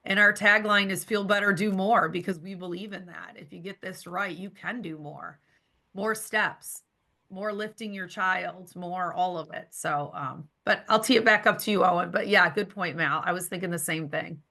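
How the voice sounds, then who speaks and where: A woman's voice: on the low side, moderate pace, creaky, sharp tone. A woman co-hosting a company podcast, speaking in an upbeat, enthusiastic, casual way. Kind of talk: casual promotional chat.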